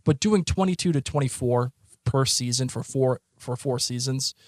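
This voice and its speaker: A man's voice: mid-range voice, moderate pace, no room sound. Man, Boston accent, podcast co-host, casual rambling chat, dry room. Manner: rambling, excitable, many restarts.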